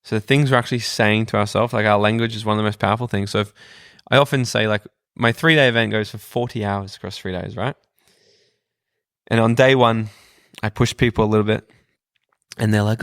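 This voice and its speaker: A man who speaks as a podcast guest, telling stories in a relaxed, casual way, swearing freely and often restarting his sentences. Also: lowish voice, fairly quick, dry recording, studio quality. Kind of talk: casual conversational storytelling.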